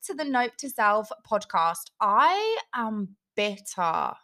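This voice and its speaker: A woman's voice: mid-range voice, sing-song, slow, pushed and bright. A young woman hosting her podcast in a chatty, self-mocking way, laughing often. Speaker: podcast host. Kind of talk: casual chat.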